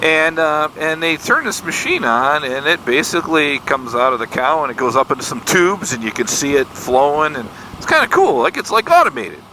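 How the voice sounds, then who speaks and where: A man's voice: fairly high pitch, normal speed, few pauses, rough recording. A man around sixty telling an embarrassing story in a folksy, self-deprecating way while out riding his motorcycle. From Michigan, USA. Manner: folksy, self-deprecating, animated retelling of dialogue. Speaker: motorcycle vlogger. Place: outdoors on a motorcycle on country roads. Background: faint road and vehicle noise.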